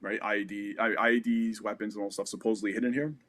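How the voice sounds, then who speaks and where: Guy in his 30s, kinda low voice, telling a story on a podcast, lots of "like" and "you know", swears a bit. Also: level tone, quick pace, a bit bright. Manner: loose and profane, peppered with "like" and "you know". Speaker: podcast guest. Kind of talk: casual storytelling.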